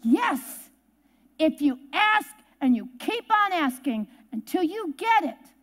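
A woman's voice: very high voice, big pitch swings, slow pace. A woman preacher delivering a sermon at a church service, emphatic and folksy, telling stories and repeating key words for weight.

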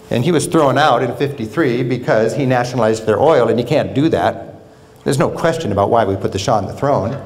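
A man giving a public travel lecture in a university hall, telling stories in an animated way with wry humor. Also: mid-range voice. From United States. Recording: roomy hall sound.

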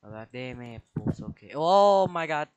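A young man giving casual let's play commentary, excitable, with dramatic outbursts, squeals and slang. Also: on the high side, a little slow, clear, resonant tone, muffled recording. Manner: slang-heavy casual talk. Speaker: gaming video creator.

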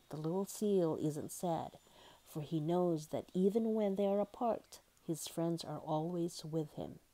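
A woman reading a children's picture book aloud in a gentle, expressive way. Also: low voice. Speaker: storyteller.

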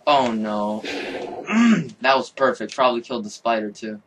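Young male gamer, rants and shouts, unhurried delivery, slightly distant mic with light hiss. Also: mid-range voice. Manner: excitable, swearing, yelling outbursts. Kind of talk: game commentary.

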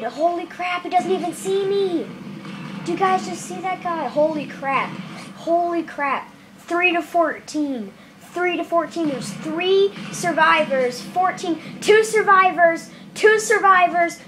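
A woman giving casual commentary over her own game, jittery and nervous that turns into shouted excitement, recorded on a camera filming the screen. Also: extremely high pitch, background noise. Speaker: gameplay commentator.

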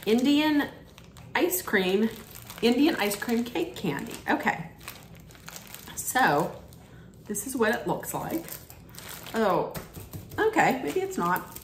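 A woman's voice: a little high, big pitch swings, slow pace, pauses often, slight background noise. A woman casually unboxing and taste-testing snacks for her vlog, chatty and candid, thinking aloud as she goes. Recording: roomy echo.

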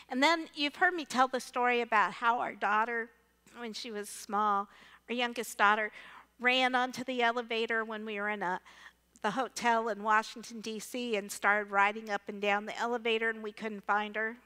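A middle-aged woman pastor telling a personal story in a sermon, as an animated storyteller who acts out the voices she quotes. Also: mid-range voice, clean tone. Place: large church sanctuary. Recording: reverberant church hall.

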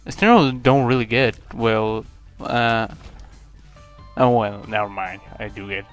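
A man's voice: on the low side, a little slow. Rambling young man over game music. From Lithuania. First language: Lithuanian. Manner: rambling, self-mocking, with sudden excited yelps. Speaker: gaming channel host. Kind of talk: casual gameplay commentary.

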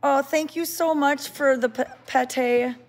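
A woman's voice: high-pitched, fairly even intonation, takes it slowly. A woman hosting a casual livestream from an indoor cat sanctuary, chatting, greeting viewers by name and cooing at the cats, recorded on a handheld phone.

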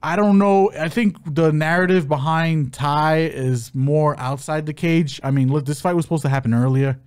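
A man's voice: on the high side, moderate pace, clean tone, no room sound, studio quality. A man co-hosting a fight betting podcast in casual chat, breaking down matchups with joking asides. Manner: animated, joking, hype-announcer asides.

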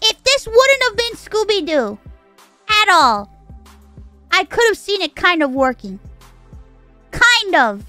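Woman, streamer, casual rant, high voice, swearing, incredulous questions. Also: big pitch swings, takes it slowly, pauses often, pushed and bright, soft background music.

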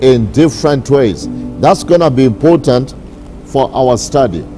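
A bishop preaching a sermon, repeating his declarations slowly and with emphasis. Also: mid-range voice, expressive, dark tone, soft background music. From Kenya.

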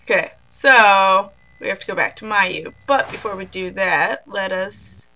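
A woman's voice: mid-range voice, a little slow, pushed and bright, slight background noise, rough recording. A woman casually commentating a horror game, jumpy and swearing, shrieking at scares and talking to the ghosts on screen. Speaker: gaming channel host. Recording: music playing over the voice.

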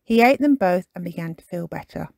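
A woman reading a children's picture book aloud in an expressive, animated way as a storytime host. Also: fairly low pitch, fairly quick, vocal fry, no room sound. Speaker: storytime reader.

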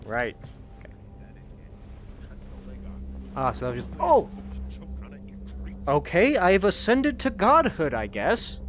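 A man's voice: high-pitched, a little hiss or hum. A man casually commenting on his own gameplay in a chatty, self-mocking way. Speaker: game streamer.

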